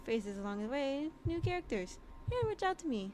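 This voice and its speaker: A playful woman streamer with a slightly high voice, chatting through a game and reading its lines aloud. She reacts loudly and freely. Soft background music plays under her. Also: very animated, moderate pace. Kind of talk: casual gameplay commentary, reading game text aloud.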